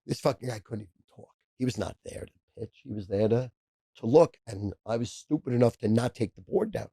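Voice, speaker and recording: Gravelly older man telling raunchy stories. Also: mid-range voice, mellow, dry recording, clean studio sound. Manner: profane, rapid-fire anecdotes. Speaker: podcast guest. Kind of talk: casual storytelling.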